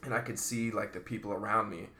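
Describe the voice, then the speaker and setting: A man's voice: fairly low pitch, fairly even intonation, fast, sharp tone, echoey room, a little hiss or hum. A man in a laid-back chat, telling a story with lots of swearing and filler words.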